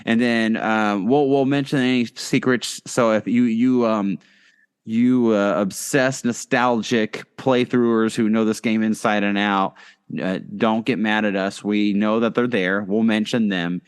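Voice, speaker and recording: Casting note: man, lowish voice, casual podcast co-host, rambles with ums and restarts. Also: fairly even intonation, unhurried, clear, resonant tone. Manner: rambling, many fillers and restarts.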